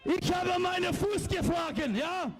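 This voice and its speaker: Man playing an arrogant German heel wrestler, fake German accent, very high shouted voice, old wrestling promo. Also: a little slow. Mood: furious ranting. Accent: put-on German accent. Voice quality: loud, ranting, mixes broken German and English.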